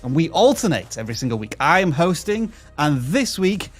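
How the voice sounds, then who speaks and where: A man's voice: a little high, sing-song, brisk, soft background music. Jokey Yorkshire man hosting a stream. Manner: hammy, playing up Yorkshire slang. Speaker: live stream host. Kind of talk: playful live stream hosting.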